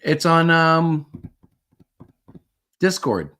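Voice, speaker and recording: A man's voice: fairly high pitch, expressive, bright, forceful tone. A man hosting a live stream, chatting casually and rambling as he fiddles with his setup. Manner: rambling, halting, laughs while fiddling with tech. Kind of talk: casual chat.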